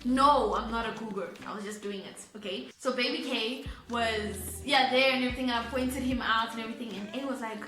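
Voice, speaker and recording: A young South African woman telling a story on her vlog, animated and giggly, laughing often. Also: fairly high pitch, fairly quick, few pauses, reverberant, soft background music. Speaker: YouTuber.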